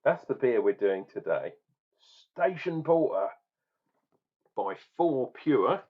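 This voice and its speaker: A man's voice: medium pitch, big pitch swings, slow, slightly rough, narrow, tinny audio. A chatty middle-aged man from England reviewing a beer, rambling and joking in a casual tasting vlog. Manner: chatty, jokey, rambling asides.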